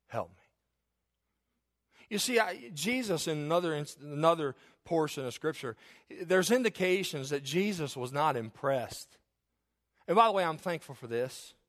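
A middle-aged man preaching a sermon, who jokes about himself and acts out the voices of the people he quotes. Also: medium pitch.

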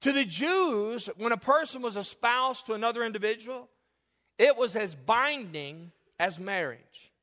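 A man in his forties preaches a lively, jokey sermon, acting out the people in his stories. His voice sits high and ringing, and long hall reverb trails each phrase. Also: a little slow. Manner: animated, jokey, acts out characters in anecdotes. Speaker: pastor. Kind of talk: sermon with storytelling. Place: church sanctuary.

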